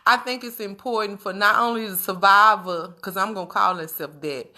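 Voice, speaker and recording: A woman's voice: mid-range voice, fairly quick, pushed and bright. A woman vlogger in a candid, casual monologue to her viewers, speaking emphatically and repeating phrases for weight.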